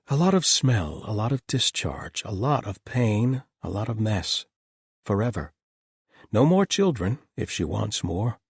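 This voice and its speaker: A man's voice: on the low side, gravelly, husky, no room sound, clean studio sound, voice pushed up, full character voice. A man voicing a blunt, exasperated male doctor who talks frankly and rants.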